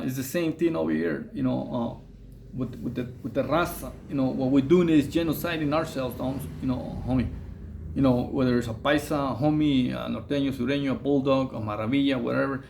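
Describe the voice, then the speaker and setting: A man's voice: medium pitch, creaky, a little mellow, slight background noise. A man telling a long story in a casual, rambling way, full of slang and fillers. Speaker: vlogger telling prison stories.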